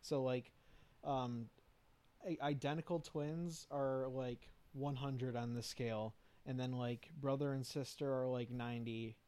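A man's voice: medium pitch, steady tone, measured pace, a little mellow. Man, casual rambler, filler-heavy everyday chat.

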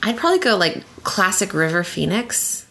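A woman co-hosting a casual podcast, her pitch leaping around as she talks. She hesitates and giggles often. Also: big pitch swings, moderate pace, fairly bright tone. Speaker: podcast co-host. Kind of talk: casual chat.

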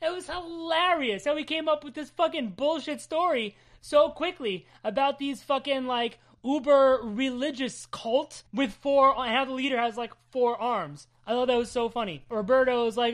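Woman, high voice, casual comic recap, frequent swearing, animated storytelling. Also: normal speed, few pauses. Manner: profane, laughing, animated storytelling. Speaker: comic book podcast co-host.

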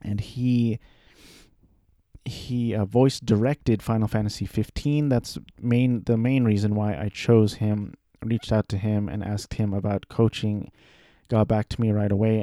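A man in his thirties talking casually about his life, rambling and self-deprecating, with halting restarts. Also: lowish voice, steady tone, mellow, dry recording, clean studio sound. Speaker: aspiring voice actor. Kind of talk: casual personal monologue.

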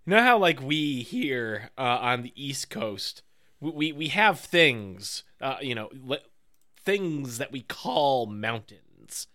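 A man's voice: mid-range voice, very animated, sharp tone. An American man co-hosting a podcast, chatting in a goofy, joking way with many fillers. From United States. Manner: goofy, jokey, halting with fillers. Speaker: podcast co-host. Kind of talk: casual chat.

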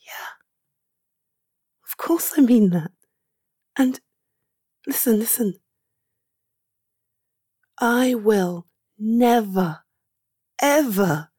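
A woman performing a comfort audio role-play, speaking gently and reassuringly to the listener and sometimes dropping into a whisper. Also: a little high, expressive, extremely slow, pauses often, dry recording, studio quality.

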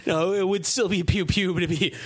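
A woman's voice: fairly low pitch, brisk, slight background noise. A woman co-hosting a casual comedy podcast, swearing freely and ranting in mock outrage. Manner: animated, swears a lot, mock-outraged rants. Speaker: podcast co-host.

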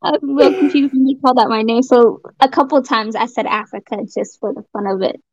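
A young woman with a fairly high voice chats casually and adds dry, wry comments. The recording sounds dull and dry, with no room echo. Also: a little fast, a little mellow. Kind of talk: casual chat.

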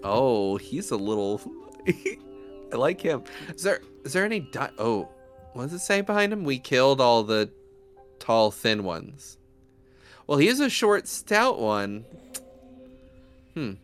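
A man riffs and jokes with a friend as they stream a game together, casually swearing between remarks. His pitch sits in a middle range for a man, and faint music plays behind him. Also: very animated, unhurried. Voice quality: joking, swears freely.

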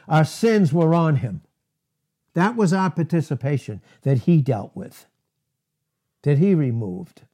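A man preaching a sermon, deliberate and emphatic, repeating key words for stress. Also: a little high, mellow.

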